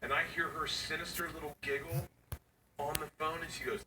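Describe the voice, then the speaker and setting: A man in his forties telling a stand-up comedy story, loud and animated, acting out other people's voices and owl hoots. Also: fairly high pitch, normal speed. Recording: echoey room recorded from far off, audience noise.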